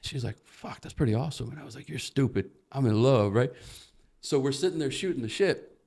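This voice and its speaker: Man, guest comedian, casual podcast storytelling, profane, acts out each character, voice of middling pitch. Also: a little fast, gravelly. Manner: profane, animated storyteller who acts out quotes.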